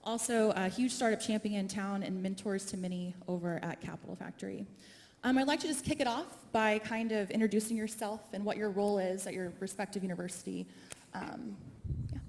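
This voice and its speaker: A woman's voice: mid-range voice, a little fast, vocal fry, a little mellow. A woman moderating a university panel, upbeat and chatty as she introduces the speakers. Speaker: moderator, program manager. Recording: reverberant hall.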